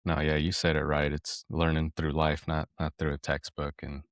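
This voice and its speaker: A man's voice: rumbling low, completely flat delivery, moderate pace, no echo, studio quality. A man co-hosting a podcast, chatting casually and telling easygoing family anecdotes. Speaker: podcast co-host. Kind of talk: casual chat.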